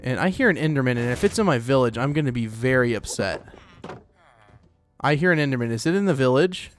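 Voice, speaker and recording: A man's voice: medium pitch, lively intonation, fairly quick, faint music behind. A man hosting a let's play, rambling casually as he plays, with lots of fillers. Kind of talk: casual gameplay commentary.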